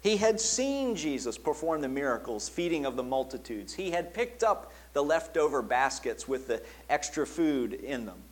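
A man preaching a sermon in an earnest tone, dropping soft and quiet when he quotes the words he attributes to Jesus. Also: a little high, sing-song, moderate pace, hardly any pauses, breathy edge. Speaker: pastor.

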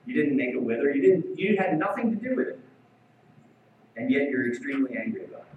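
A man voicing God as a calm, gently questioning deity in a sermon retelling. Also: fast, narrow, tinny audio, a little hiss or hum, natural voice. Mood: gentle questioning. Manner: low, hushed, probing questions. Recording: very echoey hall, far from mic.

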